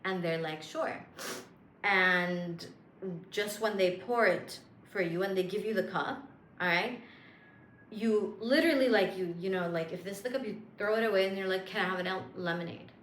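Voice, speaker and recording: A woman's voice: mid-range voice, moderate pace, a bit bright, echoey room, slight background noise. A woman coaching viewers on manifestation in a chatty, playful way, with lots of fillers and self-amused asides. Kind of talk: casual spiritual coaching monologue.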